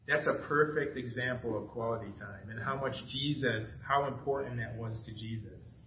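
A man's voice: medium pitch, normal speed, few pauses, slight background noise. A middle-aged man preaching a casual, enthusiastic sermon, telling family stories with laughter. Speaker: pastor. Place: church sanctuary. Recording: echoey dull church recording.

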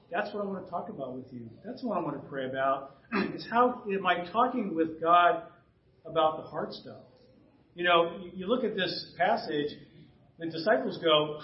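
Male pastor, high voice, conversational sermon with throat clearing, dull echoey church sound. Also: expressive, normal speed, slight background noise. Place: church sanctuary. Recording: distant roomy church recording, dull sound.

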